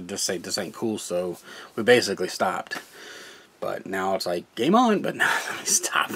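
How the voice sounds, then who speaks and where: Young male channel host, lowish voice, earnest and rambling, laughs between thoughts. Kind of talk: casual personal testimony.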